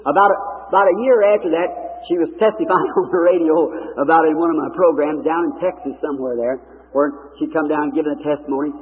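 A man with a fairly high voice preaches a sermon as a folksy, earnest story and acts out each person's lines. The sound is narrow and phone-like, like an old archival tape, with a long hall reverb trailing behind. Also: quick pace.

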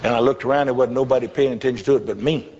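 A man's voice: medium pitch, fairly even intonation, rapid-fire. Older man preaching folksy testimony, echoey hall. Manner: folksy storytelling with chuckling asides. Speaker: pastor. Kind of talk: sermon testimony. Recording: echoey hall, slightly dull with faint hiss.

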